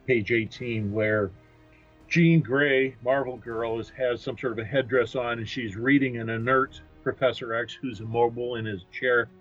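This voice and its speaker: A man laying out his research on a comics podcast, steady and mid-pitched, hesitating often as he explains. His sound is muffled and a little lo-fi, with faint music under it. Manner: careful, explanatory, hesitant with fillers. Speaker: podcast co-host. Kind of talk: casual chat about comics.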